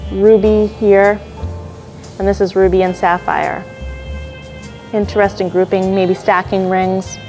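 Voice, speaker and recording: An auction house jewelry specialist previews jewelry and watches, admiring each piece and offering small apologies as faint music plays. Her mid-range voice is a little mellow, and the audio quality is poor.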